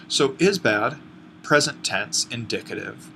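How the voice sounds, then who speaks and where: A man's voice: on the low side, moderate pace, pushed and bright, slight background noise. A man teaching an online lesson on classical Greek grammar, explaining step by step and correcting himself as he goes. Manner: explains step by step, thinking aloud with fillers and self-corrections.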